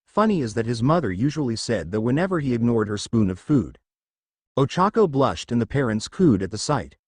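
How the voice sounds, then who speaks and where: A man reads a fan fiction story aloud in a plain storytelling manner. His intonation is lively and varied, and the sound is dry and close to the mic. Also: mid-range voice, a little fast, dry recording. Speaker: narrator.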